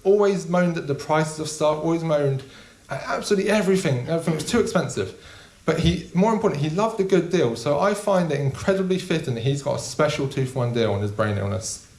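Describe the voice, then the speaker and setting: Deadpan young stand-up comic. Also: male voice, fairly high pitch, fast, few pauses. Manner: deadpan, casual, with filler ums. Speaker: stand-up comedian. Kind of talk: stand-up comedy set. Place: small comedy club with live audience. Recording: echoey room.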